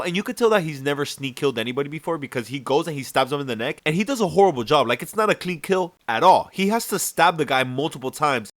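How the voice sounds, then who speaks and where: A man's voice: fairly high pitch, fairly bright tone. A young man sarcastically retelling a video game's story with lots of slang and swearing. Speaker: video game story recapper. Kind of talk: comedic story recap.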